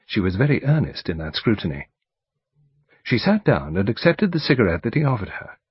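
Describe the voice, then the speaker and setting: A man with a British accent, reading a mystery audiobook aloud in a measured, expressive manner. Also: lowish voice, slightly rough, dry recording. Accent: British English. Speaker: audiobook narrator. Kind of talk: scripted narration. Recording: dull dry studio recording.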